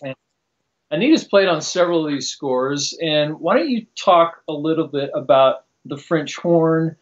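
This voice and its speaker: A man, a composer, talking casually in an interview, relaxed and laughing often. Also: fairly high pitch, a little slow. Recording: dull lo-fi sound.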